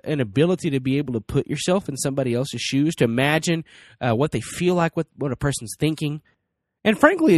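A man's voice: mid-range voice, dry recording, studio quality. A man in his thirties giving casual parenting advice, acting out little dialogues between parent and child. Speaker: parenting speaker.

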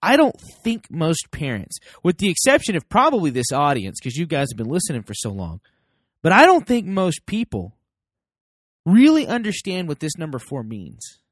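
Animated, high-pitched American man. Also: moderate pace, no room sound, studio quality. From United States. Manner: animated and emphatic, acts out both sides of little dialogues. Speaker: parenting podcast host. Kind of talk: motivational talk to listeners.

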